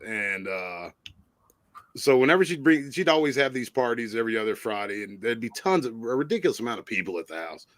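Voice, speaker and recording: Sing-song and fairly quick, this mid-range male voice comes through with no echo. He's a live stream host working through a lengthy, rambling story in relaxed conversation, tripping over words and laughing frequently.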